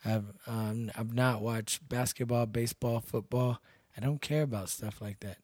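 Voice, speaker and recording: A young man from Texas trades stories in a relaxed podcast interview, blunt and unbothered, cursing as he goes. His voice sits at an ordinary middle pitch. It is captured dry and close on a studio mic. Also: normal speed, dry recording. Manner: laid-back, blunt, swears freely. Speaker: podcast guest, bouncer and MMA fighter. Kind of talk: casual storytelling chat.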